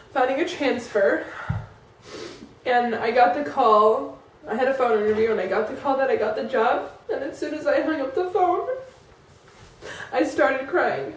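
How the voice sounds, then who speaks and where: A woman's voice: a little high, slight background noise. A woman in her thirties telling a personal story to camera in a rambling way, full of "like" and restarts. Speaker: vlogger. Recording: roomy, distant from the mic.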